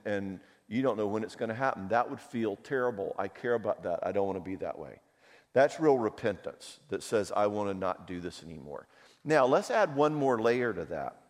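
A man, a marriage counselor, giving a conversational seminar talk full of personal stories and self-mocking humor. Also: fairly low pitch. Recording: long hall reverb.

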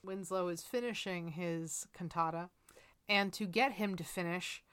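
A woman's voice: fairly low pitch, unhurried, a bit bright, clear, resonant tone. A woman co-hosting a casual film podcast, agreeing often and adding dry quips. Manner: agreeable, frequent short affirmations, dry quips. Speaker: podcast co-host. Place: home, recorded late at night.

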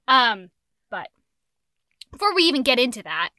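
A young woman hosting a podcast, chatting excitedly and casually about books she loves, swearing now and then. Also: a little high, moderate pace, dry recording. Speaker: podcast host. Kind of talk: casual interview chat.

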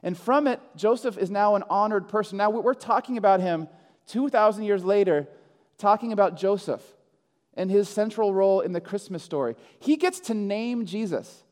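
A male pastor delivers a sermon in a high voice, slipping into dramatic quoted voices for the figures he describes. His words ring out with a long reverb, as in a large church sanctuary. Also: moderate pace, a little mellow.

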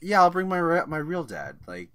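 A man's voice: fairly high pitch, big pitch swings, moderate pace, crowd noise. A man co-hosting a podcast, chatting in a wry, joking way. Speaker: podcast co-host. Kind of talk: casual chat.

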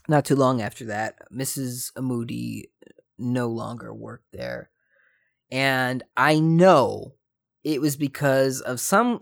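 A man hosting a podcast, telling stories in an animated, jokey way with frequent tangents. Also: a little high, vocal fry, no room sound, clean studio sound. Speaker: podcast host. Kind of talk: casual storytelling monologue.

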